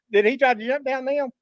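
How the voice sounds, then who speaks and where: A man, easygoing and prompting stories in casual chat. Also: extremely high pitch. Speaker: guest.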